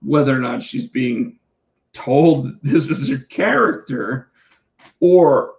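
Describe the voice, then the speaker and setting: Man, co-host, casual wrestling talk, rambling, hoarse, dull recording. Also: mid-range voice, takes it slowly, a little mellow. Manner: rambling, many restarts and fillers. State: losing his voice. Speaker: podcast co-host.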